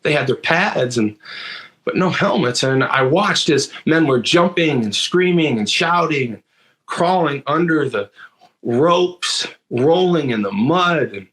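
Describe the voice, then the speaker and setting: A man's voice: a little high, animated, unhurried, fairly bright tone. A man in his sixties from Michigan, telling a personal story in an earnest monologue full of restarts and repeated words. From Michigan, USA. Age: 60s. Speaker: motivational speaker.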